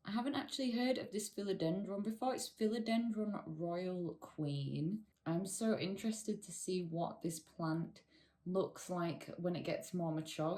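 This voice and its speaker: Casting note: woman vlog host, slightly low voice, close-mic, gushing, excitable, fumbles names. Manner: gushing, excitable, stumbles over plant names. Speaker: plant channel host. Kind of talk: casual unboxing vlog. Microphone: close to the microphone.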